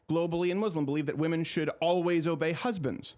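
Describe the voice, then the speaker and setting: A man's voice: a little high, fast, few pauses. A man hosting a political talk show, giving opinionated commentary in a sarcastic, mocking way. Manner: sarcastic, mocking, animated delivery.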